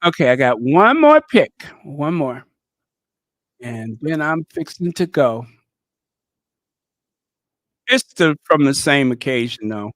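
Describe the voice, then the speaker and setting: Slow-talking man host. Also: fairly high pitch, very animated, fairly bright tone. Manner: chatty, talks straight to viewers, thinks aloud. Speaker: channel host. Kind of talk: casual live reaction commentary.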